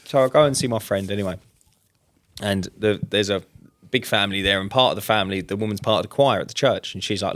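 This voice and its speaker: A man, a podcast co-host telling stories in casual chat, animated and full of slang. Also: lowish voice. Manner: fast, animated storyteller with slang.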